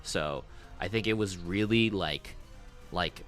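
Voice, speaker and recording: A man streaming a game while telling a long story in an animated, chatty way, laughing often, swearing, and leaning on lots of fillers. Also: sits low, takes it slowly, faint music behind. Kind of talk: casual storytelling while gaming.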